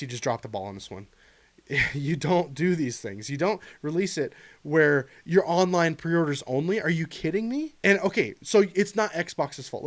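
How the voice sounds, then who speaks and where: A man, a gaming commentator ranting to camera in a frustrated, earnest and pleading way. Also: medium pitch. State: choked up near the end. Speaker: gaming YouTuber.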